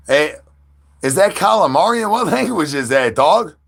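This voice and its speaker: A man livestreaming outdoors and chatting with his viewers. His voice is husky, and his pitch swoops around a lot. He is playful, full of goofy catchphrases and silly animal noises. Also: lively intonation, a little slow. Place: outdoors, standing.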